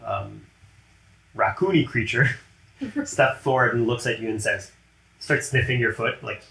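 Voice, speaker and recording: A man's voice: medium pitch, expressive, unhurried, gravelly, sharp tone. A man narrating a tabletop game as game master in a chatty way, laughing often and slipping into character voices. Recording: roomy echo.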